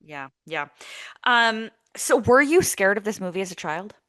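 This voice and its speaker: A woman's voice: mid-range voice, very animated, unhurried, a bit bright, no room sound. A woman co-hosting a podcast, chatting casually about a film with blunt, profane, wry remarks. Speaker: podcast co-host. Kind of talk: casual movie-review chat.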